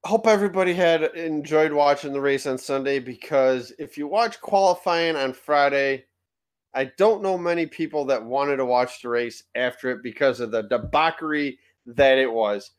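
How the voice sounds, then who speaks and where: Young man, podcast co-host, casual rant, exasperated, middle pitch. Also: moderate pace. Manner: exasperated ranting, keeps his voice down at times.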